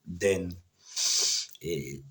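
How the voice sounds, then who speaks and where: A man's voice: sits low, drawn-out words, darkish tone. A middle-aged man, telling stories about his past in a rambling, casual way and often stuttering and repeating words. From London. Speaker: former prisoner telling stories. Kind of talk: casual storytelling.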